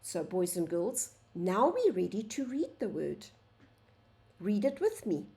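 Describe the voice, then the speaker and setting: Slow sing-song woman teaching phonics. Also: medium pitch, big pitch swings, vocal fry, warm tone. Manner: slow, sing-song, sounds out letters, addresses "boys and girls". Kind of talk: phonics lesson for young children.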